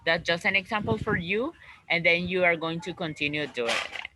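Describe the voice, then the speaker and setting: A man teaching an English class over a video call, slowly repeating words and phrases for his students. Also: high voice, background noise.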